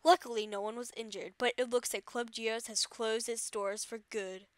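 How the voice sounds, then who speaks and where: Girl doing a lowered animal newsreader voice. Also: steady tone, moderate pace, dry recording, lightly acted. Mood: solemn. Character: male animal news announcer from a kids' game.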